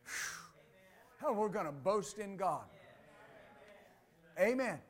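Male pastor with a strikingly high voice, preaching exuberantly, bursts of laughter, loud and soft in turn. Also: expressive, takes it slowly. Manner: exuberant preaching, swinging between loud declarations and quiet asides; laughs between points. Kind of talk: sermon.

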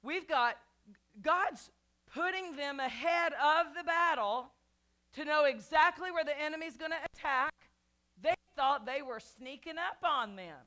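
A woman's voice: high voice, unhurried, bright, forceful tone. A woman pastor delivering a sermon, emphatic and repetitive, calling out to her congregation.

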